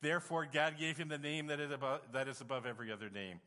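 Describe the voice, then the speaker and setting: A male preacher delivers a storytelling sermon, his voice bright and forceful. He swings into emotional, exclamatory moments. The sound rings with a long reverb, as in a church hall. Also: on the high side, fairly even intonation, fast.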